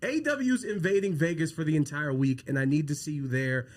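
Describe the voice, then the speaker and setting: A man's voice: fairly high pitch, fairly quick. Playful male interviewer. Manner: playful, joking, upbeat. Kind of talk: casual interview. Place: event venue in Las Vegas.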